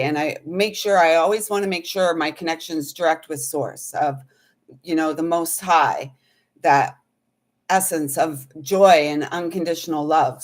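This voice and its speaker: Slow, low-voiced woman sharing a spiritual story. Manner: meandering, earnest, speaks of feelings. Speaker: intuitive healer and reader.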